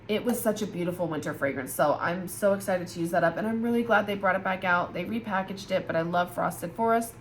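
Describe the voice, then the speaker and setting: A woman with a slightly low voice reviews candles in a relaxed vlog. She sounds tired and yawns now and then, but stays chatty and full of praise. There is faint background noise. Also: gravelly. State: tired, yawning. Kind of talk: casual product review vlog.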